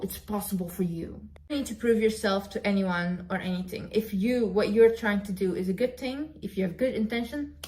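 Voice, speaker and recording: A woman's voice: medium pitch, darkish tone. A woman vlogger giving an emphatic, repetitive motivational pep talk straight to her viewers. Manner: emphatic, repetitive, direct address.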